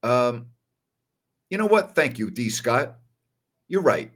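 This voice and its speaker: A man's voice: medium pitch, sing-song, takes it slowly, long pauses. A man from New York hosting a solo basketball postgame livestream in a casual, emphatic way, often repeating himself. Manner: emphatic, repeats "all right" a lot. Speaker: host of a basketball postgame show.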